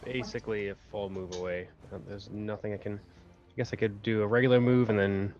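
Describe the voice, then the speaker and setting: A man's voice: fairly low pitch, fairly even intonation, a little fast, darkish tone, highs cut off, faint music behind. A man playing a tabletop game, hesitantly thinking aloud through his move. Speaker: player.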